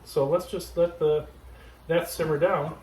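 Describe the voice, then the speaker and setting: A man's voice: on the high side, unhurried, poor audio. Chatty man demonstrating a home recipe. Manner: relaxed, chatty, explains step by step. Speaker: home cooking host. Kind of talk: casual cooking demonstration. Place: backyard garden, then home kitchen.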